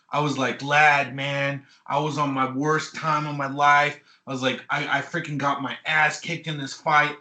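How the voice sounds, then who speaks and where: An eager man with a bright, forceful voice who rambles happily through stories in casual chat. The room around him rings with echo. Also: fairly high pitch. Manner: enthusiastic, rambling storyteller. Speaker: podcast co-host. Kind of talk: casual late-night chat. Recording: echoey room.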